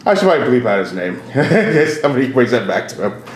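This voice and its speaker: A male comedian hosting a loose podcast chat, rambling through stories and breaking into laughs. His voice sits at an ordinary pitch and carries a roomy echo with a faint hum of ambience behind it. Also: lively intonation, fast talker. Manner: rambling, laughing, acts out quotes. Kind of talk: casual storytelling chat.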